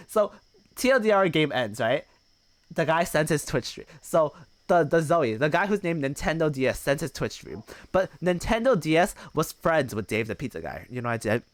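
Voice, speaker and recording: A man's voice: a little high, dry recording. A male streamer telling a gaming story in casual, profane chat, mocking the people he quotes.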